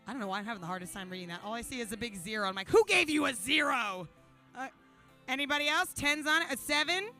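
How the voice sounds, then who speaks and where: A woman's voice: a little high, expressive, fast talker, pushed and bright, faint music behind. A woman emceeing a live charity paddle auction, playfully hyping the crowd and calling out the bids. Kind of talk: live event hosting. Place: brewery event stage.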